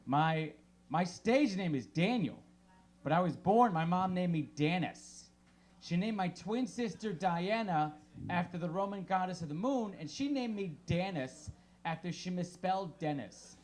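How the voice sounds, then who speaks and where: Animated male stand-up comic in a bar. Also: sits high, measured pace. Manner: deadpan one-liners with rising exclamations. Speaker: stand-up comedian. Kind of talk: stand-up comedy set. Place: small bar stage.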